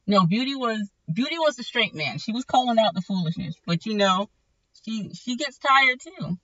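Bright, rambling podcaster, slightly off-mic. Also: mid-range voice, moderate pace, no room sound, distant mic. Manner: rambling and animated, often correcting themself mid-sentence. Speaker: podcast host. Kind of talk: casual solo podcast chat about an anime. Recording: dull, lo-fi sound from slightly off the mic.

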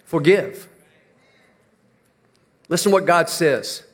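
An older man preaching a sermon, moving from quiet, low-key talk to loud, shouted emphasis. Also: slow, in a large hall. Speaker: pastor.

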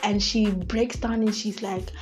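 A woman podcast host delivers a casual commentary monologue in a medium, fairly even voice, speaking a little slowly over background music. She's emphatic, repeats her points, and talks straight to her listeners, calling them "guys."

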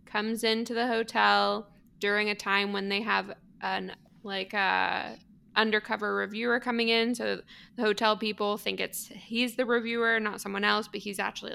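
Woman cohost gushing away, bright voice with a bit of fry. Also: medium pitch. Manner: gushing, giggly, lots of "like". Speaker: podcast co-host. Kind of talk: casual chat.

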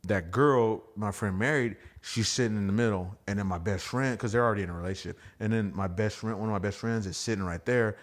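A young man, a stand-up comic guesting on a podcast, telling wild party stories in a rambling, profane, animated way. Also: fairly low pitch, quick pace, few pauses. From Houston area. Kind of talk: casual storytelling chat.

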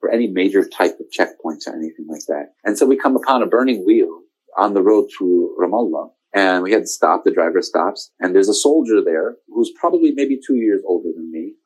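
Man in his forties, interview guest, casual storytelling, lively quoted voices, frequent laughter. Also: on the low side, breathy edge, rough recording. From United States.

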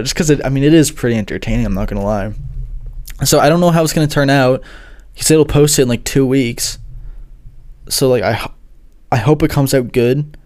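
A man's voice: mid-range voice, darkish tone. A young man, a music producer who gives lessons online, tells a rambling, swear-heavy story full of fillers. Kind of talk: casual storytelling monologue.

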